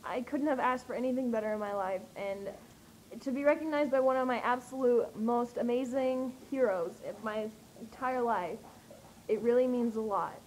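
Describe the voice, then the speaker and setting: Young woman, high voice, gushing storytime vlog, lots of likes, faint hiss behind her. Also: moderate pace, a little mellow, rough recording. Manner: gushing, breathless, full of fillers like "like". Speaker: vlogger.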